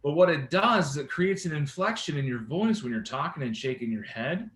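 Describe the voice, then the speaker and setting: A man leading a real estate sales training session, animated and engaging, often checking in with his team. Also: on the high side, a little fast, roomy sound.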